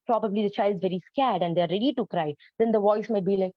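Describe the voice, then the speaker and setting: This woman talks fast in a mid-range voice, hardly pausing, as she delivers an educational presentation on storytelling for autistic children. She explains earnestly with lots of fillers like um and uh, in a dull, dry, lo-fi recording.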